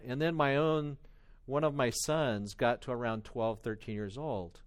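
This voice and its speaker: A middle-aged man gives a sermon in an easygoing, conversational way. He pokes fun at himself while he tells stories. His voice sits at an ordinary middle pitch. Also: steady tone, a little slow. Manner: conversational, self-deprecating storytelling. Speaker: pastor.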